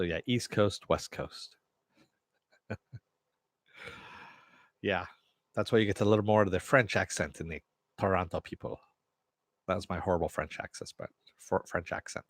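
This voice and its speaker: Man hosting a loose live TV review, low voice, dry close sound, rambling and blunt. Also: dry recording. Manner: rambling, off-the-cuff, swears, answers chat comments. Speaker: TV review host. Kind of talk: casual live-stream review chat.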